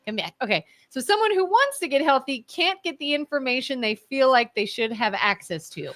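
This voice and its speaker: A woman co-hosting a live local talk show, with a bright, ringing voice pitched a little high. She talks emphatically and lays out her points through example after example. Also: sing-song, fairly quick. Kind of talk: casual talk show discussion.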